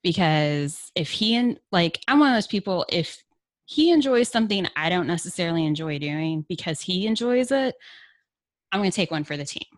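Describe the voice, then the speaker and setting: A woman's voice: on the low side, expressive, normal speed. A middle-aged woman from Kentucky with a Southern accent, chatting candidly and playfully as a podcast guest, often laughing. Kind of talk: frank casual chat.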